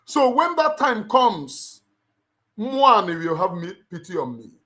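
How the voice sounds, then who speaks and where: A middle-aged man with a Nigerian accent addresses his livestream viewers in a fervent, sermon-like style. He repeats phrases for emphasis and presses each point home. His speaking voice sits somewhat high for a man. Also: big pitch swings, unhurried, fairly bright tone. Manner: emphatic, repeats lines like a preacher. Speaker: livestream host.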